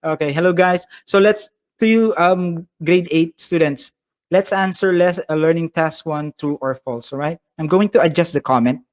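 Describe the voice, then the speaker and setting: A man's voice: fairly high pitch, moderate pace. Upbeat Filipino man teaching a live science class. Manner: upbeat, reads viewer comments aloud, mixes English with Tagalog. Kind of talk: live-streamed online lesson.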